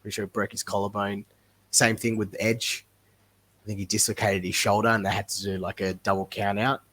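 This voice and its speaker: A man's voice: on the low side, a little fast, slightly rough. A man, a wrestler talking casually as a podcast guest, rambling and laughing easily. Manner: relaxed, rambling, laughs often.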